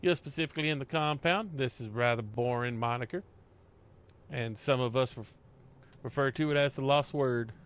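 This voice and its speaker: A man's voice: medium pitch, moderate pace, close to an everyday voice. A man voicing a wry, streetwise male gatekeeper of a compound, with a slangy, sardonic manner. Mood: welcoming.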